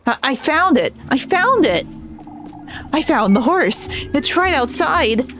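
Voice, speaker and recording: A woman voicing an excited young village girl in a storybook game, reading her lines aloud in a breathless, urgent way. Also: a little high, slow, a little hiss or hum, full character voice.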